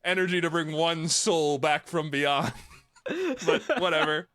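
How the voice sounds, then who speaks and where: A man's voice: fairly high pitch, measured pace, clear, resonant tone, no echo. A man co-hosting a podcast, casually recapping a film with joking, mocking quotes. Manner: animated, mocking quotes with crude jokes. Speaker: podcast co-host. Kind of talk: casual comedic recap chat.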